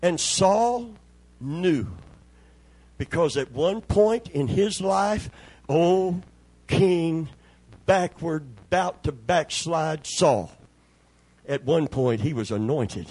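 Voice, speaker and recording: Emphatic preacher with a husky high voice. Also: male voice, a little mellow. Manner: emphatic, calls for amens and hallelujahs. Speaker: pastor. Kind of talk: sermon.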